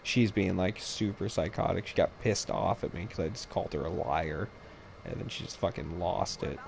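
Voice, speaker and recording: A man's voice: deep voice, moderate pace, creaky, slight background noise. Profane, rambling young man chatting. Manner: profane, rambling, exasperated storytelling. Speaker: gaming channel co-host. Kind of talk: casual chat while gaming.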